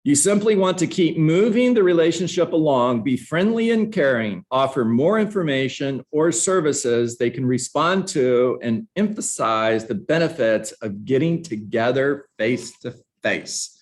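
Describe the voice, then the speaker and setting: A man with a mid-range, animated voice runs a live online class for real estate agents at a measured pace with few pauses. His delivery is energetic and conversational, and he quizzes the students as he goes.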